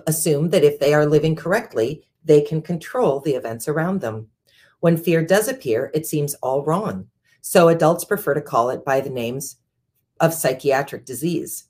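A woman who is a chief executive and hosts the show, reading a book aloud in a measured way and adding her own asides. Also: deep voice, darkish tone. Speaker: host, CEO. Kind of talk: reading a book aloud, then casual discussion.

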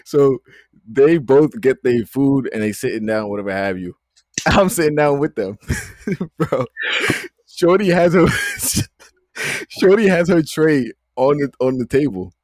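A man's voice: mid-range voice, wildly swooping pitch, slow pace, a little mellow, no room sound, studio quality. A young man, co-hosting a podcast and telling a long casual story full of slang, laughing as he goes. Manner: laid-back, slangy, laughs through stories. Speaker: podcast co-host.

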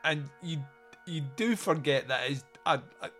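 A man's voice: fairly high pitch, animated, measured pace, bright, forceful tone, faint music behind. Sarcastic rambling male podcast host. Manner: sarcastic, rambling, laughs often. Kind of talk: casual movie review chat.

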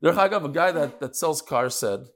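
A man leads a Talmud class before a live audience, speaking into a microphone. His pitch jumps and swoops with real liveliness, sitting a touch above the usual male range. He jokes along the way and slips into little voices for the characters in his stories. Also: brisk, creaky. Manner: animated, joking storyteller acting out quoted speakers. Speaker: Talmud teacher. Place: lecture room with live audience.

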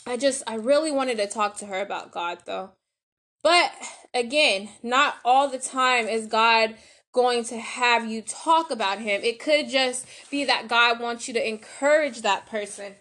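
A woman hosts a podcast, chatting casually with listeners, whom she calls y'all, as she cooks. Her high voice is fairly bright and moves at a measured pace.

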